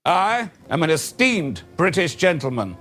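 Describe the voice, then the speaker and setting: Pompous british gentleman, stately, lively swooping pitch, faint music. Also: unhurried, exaggerated voice.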